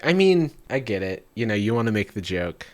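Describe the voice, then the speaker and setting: Man, reaction host, wry, lively pitch, mocking asides. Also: brisk. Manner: wry, animated, mocking quotes. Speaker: YouTube host. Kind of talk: casual reaction commentary.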